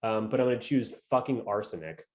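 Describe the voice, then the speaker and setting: New england accent, man, podcast co-host, low voice, relaxed and swearing. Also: fairly quick. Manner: laid-back, profane, filler-heavy. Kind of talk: casual storytelling chat.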